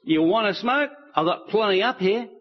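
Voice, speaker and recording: A man voicing a laid-back male koala in a joke, in a husky, folksy voice pitched well above his own. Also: lively intonation, normal speed, lo-fi sound. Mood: easygoing.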